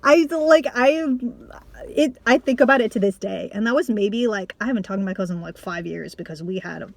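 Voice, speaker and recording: A woman's voice: medium pitch, brisk, vocal fry, dry recording. A young woman vlogging casually to camera, rambling with lots of "like", restarts and swearing, breaking into laughter at times. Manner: animated with bursts of laughter.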